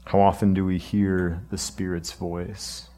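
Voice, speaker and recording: A man preaching a sermon, slow and reflective, asking the listeners questions. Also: low-pitched, flat delivery, dark tone.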